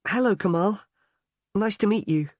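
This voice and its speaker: Man voicing a young heroine, raised pitch, quick and eager, dry read. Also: a little mellow, dry recording, natural voice. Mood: friendly. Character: young woman, anxious then relieved heroine.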